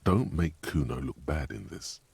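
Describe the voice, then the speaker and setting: A very deep gravelly inner voice. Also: male voice, measured pace, a little mellow, dry recording, full character voice. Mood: ominous. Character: ominous male inner voice guiding a detective. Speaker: game narrator. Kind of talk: video game voice acting.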